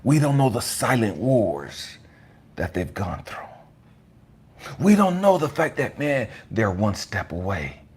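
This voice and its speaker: A man giving an impassioned, profane motivational monologue, swinging between hushed whispers and raised outbursts. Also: medium pitch, very animated, slow, slightly rough. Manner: profane, blunt street talk. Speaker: motivational speaker.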